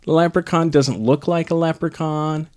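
A man's voice: fairly high pitch, steady tone, normal speed, darkish tone. A man on a casual podcast, recapping a film in a sarcastic, rambling way with lots of ums. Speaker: podcast co-host reviewing a film. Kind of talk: casual chat.

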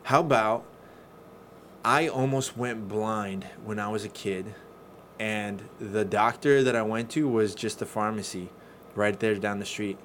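A man co-hosting a podcast, telling stories in casual chat, animated and swearing freely. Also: lowish voice, unhurried, slight background noise. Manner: profane, animated storyteller. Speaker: podcast co-host.

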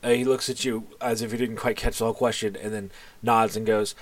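A man's voice: on the low side, little pitch movement, fairly quick. A man narrating as game master of a tabletop game, loose and casual, with plenty of fillers and the odd curse.

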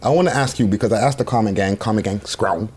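A man's voice: lowish voice, fast, husky. A man hosting a casual music podcast, joking and reading posts aloud to his audience. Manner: animated, playful, reads posts aloud. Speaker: podcast co-host. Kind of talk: casual chat about music.

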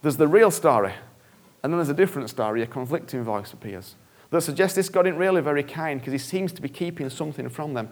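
Man preaching a sermon, gravelly creaky voice, earnest, conversational, repeats himself for emphasis. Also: medium pitch.

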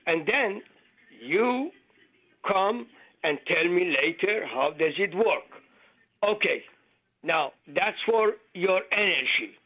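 A man calling in to a radio show, telling a joke haltingly with many fillers and non-native grammar. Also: sits high, lively intonation, bright, forceful tone, low-quality recording. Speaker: caller.

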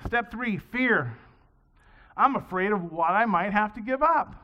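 A man's voice: high-pitched, expressive, measured pace. A man preaching a sermon in a conversational, storytelling way, in a dull lo-fi recording. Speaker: pastor. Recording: dull lo-fi sound.

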